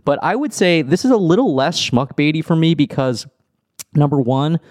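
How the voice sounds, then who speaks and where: A man's voice: fairly high pitch, animated, normal speed, a little mellow, dry recording, clean studio sound. A man hosting a podcast, talking casually and often chuckling as he rambles. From Los Angeles. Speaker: podcast host. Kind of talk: casual chat.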